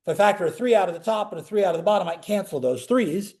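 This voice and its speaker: Male lecturer, high voice, live classroom delivery, engaging and step-by-step. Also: very fast. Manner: animated, talks students through steps with questions. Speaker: calculus lecturer.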